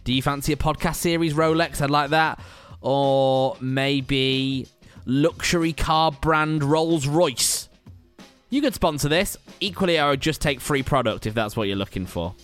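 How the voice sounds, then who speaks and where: A man hosts a podcast in a loose, chatty way, poking fun at himself as he goes. His pitch jumps high when he jokes. Faint music plays underneath. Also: a little slow, fairly bright tone. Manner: chatty, self-mocking, jumpy pitch. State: out of breath. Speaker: podcast host. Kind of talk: casual podcast intro.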